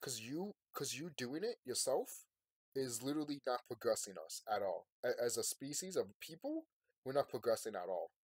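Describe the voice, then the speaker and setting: A man's voice: mid-range voice, sing-song, moderate pace, husky, no room sound, clean studio sound. Man ranting in a late-night vlog. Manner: rambling, swings from quiet and tired to loud and ranting. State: sleepy, yawning. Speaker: vlogger. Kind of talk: late-night emotional monologue to viewers.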